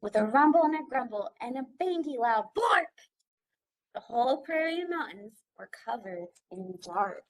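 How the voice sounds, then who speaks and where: A woman's voice: fairly high pitch, lively intonation, normal speed, poor audio. A young woman working as a children's librarian, reading a picture book aloud and asking the children questions in a sing-song way.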